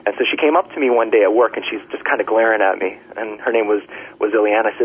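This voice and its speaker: A middle-aged man, a nurse and author, telling stories in a relaxed interview, with many fillers and restarts. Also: fairly low pitch, racing, slightly rough. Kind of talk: casual interview talk. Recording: tinny phone line.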